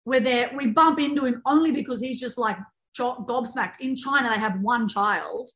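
A woman's voice: a little high, fairly bright tone, low-quality recording. Chatty woman telling travel stories. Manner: chatty, laughs easily, quick asides. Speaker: guest, author and fitness program creator. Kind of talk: casual storytelling in a podcast chat.

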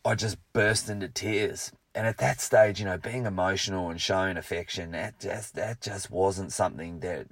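Candid, low-voiced man telling a story. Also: normal speed, few pauses, no echo. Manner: candid, profane, self-mocking. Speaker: speaker. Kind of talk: personal storytelling talk.

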